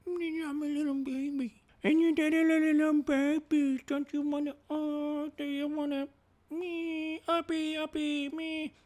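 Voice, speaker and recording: A man voicing a grown man in whiny, squeaky baby talk. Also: level tone, a little slow, a little mellow. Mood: cooing.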